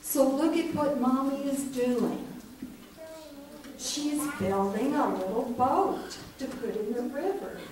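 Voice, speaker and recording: Woman, slightly high voice, slow gentle children's storyteller, echoey church from afar with noise. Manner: gentle, hesitant with many fillers. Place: church sanctuary. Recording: echoey church recorded from far off, noisy.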